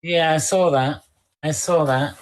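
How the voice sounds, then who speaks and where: A co-host in casual talk-show chat, speaking haltingly with many repeated words and fillers. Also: mid-range voice.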